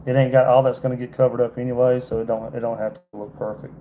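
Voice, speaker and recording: A man's voice: medium pitch, little pitch movement, fast talker, narrow, tinny audio, a little hiss or hum. A man from Georgia with a Southern accent, a fishing guide giving a casual, folksy fly-tying demonstration on a livestream and chatting to his viewers. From Georgia, USA. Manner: folksy, chatty, keeps calling viewers "y'all".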